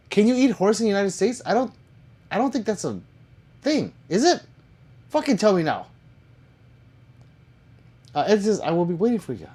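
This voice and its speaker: Lively joking male live streamer. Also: high voice, moderate pace, pauses often, breathy edge. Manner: reads viewer comments aloud, joking and swearing. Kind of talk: casual live-stream chat.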